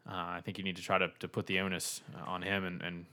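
A man's voice: low voice, completely flat delivery, fast talker, bright, forceful tone. A man co-hosting a sports podcast, talking through analysis with many hesitations and restarts. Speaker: podcast co-host. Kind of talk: casual sports podcast chat.

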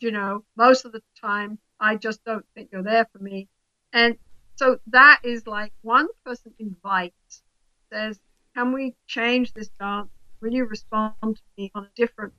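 A woman speaking as a couples therapist in an interview, explaining in a lively way and acting out the voices of the people in her examples. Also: a little high, no room sound, highs cut off.

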